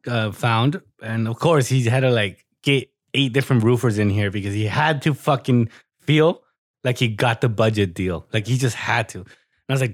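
A man's voice: medium pitch, moderate pace, no room sound, clean studio sound. A young man co-hosting a podcast in casual chat, laid-back, swearing often and laughing a lot. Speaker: podcast co-host. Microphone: podcast studio mic.

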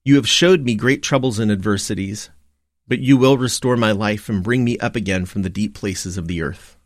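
A man reading morning prayer and scripture aloud in a measured, steady recitation. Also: fairly low pitch, no room sound, studio quality. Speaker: liturgy reader.

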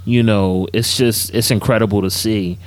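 A man co-hosting a podcast in casual chat, relaxed and slangy with many fillers. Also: on the low side, normal speed, no room sound. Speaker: podcast co-host.

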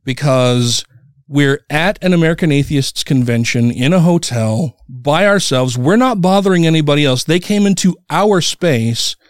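A man telling a story in casual chat, heated and profane, retelling an angry run-in with lively animation. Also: a little high, normal speed, clean tone, no echo, clean studio sound.

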